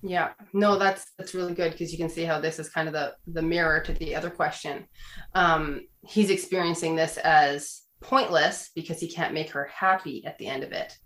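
A woman with a lower voice speaks as a counselor, laying out her advice in an earnest, explanatory way. She acts out the phrases she quotes as she goes. Her voice rings in a roomy, echoing space. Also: fairly even intonation, normal speed, a bit bright. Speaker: guest counselor giving relationship advice. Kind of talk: casual podcast conversation. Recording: roomy echo.

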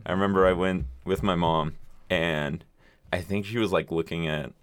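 A man's voice: deep voice, fairly even intonation, moderate pace, clean tone, no room sound. A young man telling stories in a casual chat, swearing freely and laughing as he goes.

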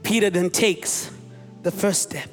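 A male pastor preaching a sermon, retelling a scene with animated storytelling and acted-out voices. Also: high voice, measured pace. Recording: reverberant hall, faint music.

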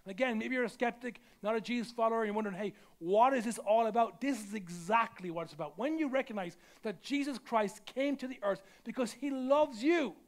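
A man's voice: extremely high pitch, brisk, hardly any pauses. A man preaches a sermon. He talks in a loose, conversational way, doubling back on his words and stacking phrase after phrase for emphasis. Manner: conversational, repeats words, builds with rising emphasis. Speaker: pastor.

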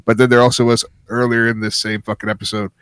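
A man co-hosting a casual wrestling chat podcast, explaining his points in an earnest, steady way. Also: medium pitch, fast talker, clear, resonant tone, no room sound. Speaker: podcast co-host.

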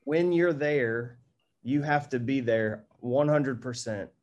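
A man in his thirties, a guest on a podcast, talking in an earnest, reflective and measured way. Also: mid-range voice, darkish tone, highs cut off. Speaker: guest attorney. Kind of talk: casual podcast interview.

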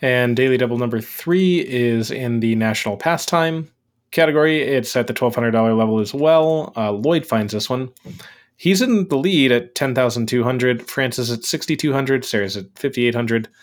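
Relaxed man recapping a quiz show. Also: mid-range voice, moderate pace. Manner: relaxed, curious, conversational. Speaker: podcast co-host.

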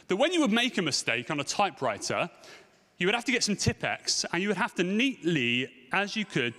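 In a church hall with long reverb, a man in his thirties preaches to a congregation, telling stories and asking the room rhetorical questions. His voice sits a little high with a fairly bright tone.

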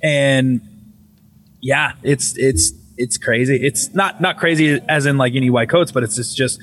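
A young man telling a ghost story in casual podcast chat, animated and swearing, often stopping to restart a phrase and jumping up in pitch when he quotes himself. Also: measured pace.

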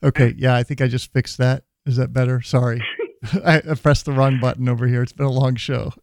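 A male host on a live stream with a gravelly, dark voice, recorded close and dry. He talks in a loose, offhand way, swearing freely and laughing now and then. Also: mid-range voice, little pitch movement, brisk, no room sound. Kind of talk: casual live-stream chat.

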